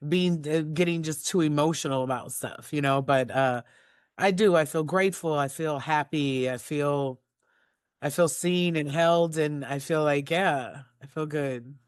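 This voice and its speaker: A woman in her forties, a guest in a personal conversation, choked up and earnest, speaking haltingly with many restarts and fillers. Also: deep voice, clean tone, dry recording, clean studio sound. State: tearful, choked up. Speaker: interview guest.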